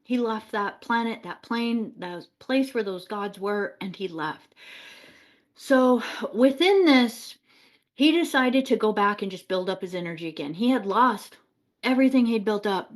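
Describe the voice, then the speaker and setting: A woman telling a spiritual story in a casual, chatty way, animated and laughing often, with lots of "like"s. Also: mid-range voice.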